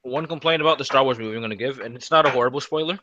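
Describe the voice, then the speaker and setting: A man's voice: mid-range voice, racing, sharp tone, dull audio, a little hiss or hum. A young man in casual chat, easygoing and agreeable, with hesitant fillers.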